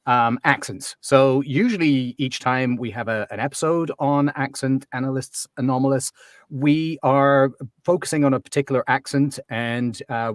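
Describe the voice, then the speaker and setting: A man's voice: medium pitch, dry recording. A man from England with a slightly transatlantic English accent, explaining accents as a guest in a casual chat, wry and full of ums. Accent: English, softened toward transatlantic after years in Canada.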